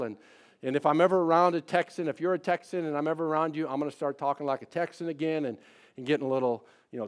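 Middle-aged pastor guy preaching, kinda high voice, gets loud then drops real soft. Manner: swings from loud emphatic preaching to soft personal asides. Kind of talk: sermon.

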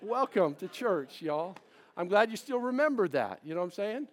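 High-voiced pastor preaching. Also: male voice, big pitch swings, normal speed. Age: 50s. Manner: folksy, conversational preaching with repeated refrains. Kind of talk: sermon.

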